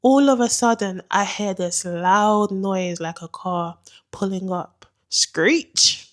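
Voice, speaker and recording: A young woman telling a dramatic story in an animated, slangy way. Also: mid-range voice, takes it slowly. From England. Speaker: vlogger. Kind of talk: storytime narration.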